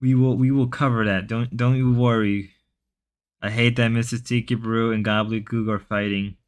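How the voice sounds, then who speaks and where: A man's voice: mid-range voice, flat delivery, normal speed, clean tone. A man hosting a casual livestream who rambles on, reads chat messages aloud and stumbles over frequent restarts.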